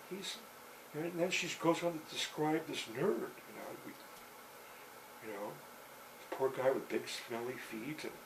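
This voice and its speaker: An older man spins a story aloud in a halting, rambling way, full of fillers and restarts. His voice sits in an ordinary middle pitch. A faint noise hangs under the recording.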